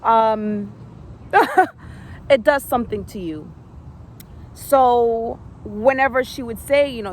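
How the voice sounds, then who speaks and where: A woman's voice: on the high side, lively intonation, slow pace, pauses often, slight background noise. A woman in her thirties from Canada, a former elite gymnast, telling her own story in a candid, emotional way with frequent fillers. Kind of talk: personal storytelling vlog.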